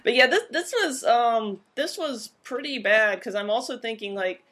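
A woman co-hosting a podcast talks casually at a moderate pace, her voice on the high side and a bit bright. She's chatty and rambles with lots of fillers.

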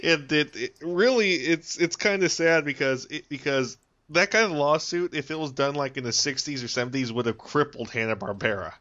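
A man with a bright, forceful voice jokes his way through a casual podcast chat, dropping quick sarcastic quips. The recording has a dull, lo-fi quality. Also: fairly high pitch. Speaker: podcast co-host. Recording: dull lo-fi sound.

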